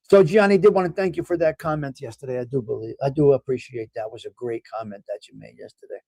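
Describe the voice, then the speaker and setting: A man's voice: mid-range voice, quick pace, warm tone, slightly rough, no room sound. A man hosting a casual livestream, chatting with viewers in the comments and teasing them with mob-style jokes and swearing. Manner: joking mob-style banter, swears freely. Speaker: livestream host.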